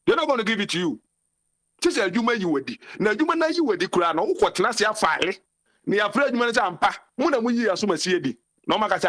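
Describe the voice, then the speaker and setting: A Ghanaian-accented man speaks in a notably high register, calling in to a talk show. His delivery is impassioned and ranting, and he hammers his points home by repeating phrases. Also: sing-song, racing, fairly bright tone. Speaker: caller. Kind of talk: call-in commentary mixing Twi and English.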